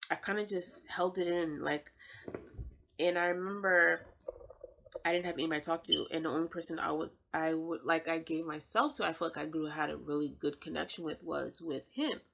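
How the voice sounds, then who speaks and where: A woman's voice: sits low, fairly even intonation, a little fast, creaky, a bit bright. A woman sharing a personal testimony as a vlogger, speaking in a casual, slangy, conversational way. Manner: slangy, conversational, frequent "I'm like" quotations. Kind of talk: casual spoken storytelling.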